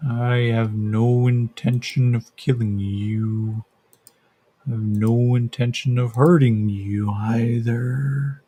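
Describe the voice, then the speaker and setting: A man voicing a gentle, curious spider-like creature that speaks into a human's mind slowly and softly. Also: medium pitch, husky. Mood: calm curious. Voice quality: soft and gentle. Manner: slow, measured, calm. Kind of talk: voice heard inside the head.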